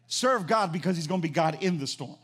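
A man preaching a sermon as pastor, animated and emphatic, repeating phrases for emphasis. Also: fairly high pitch, brisk, breathy edge.

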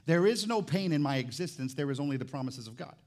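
A man preaching a sermon as pastor in a church, animated and jokey, swinging from loud excitement to quiet emphasis. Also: on the high side, fast. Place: church sanctuary.

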